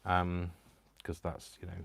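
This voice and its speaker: A man's voice: sits low, completely flat delivery, a little slow, creaky, a bit bright, slight background noise. A man chatting casually through a crafting tutorial at home, rambling and self-deprecating and chuckling often. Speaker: craft vlogger. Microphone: wired mic on a tripod setup.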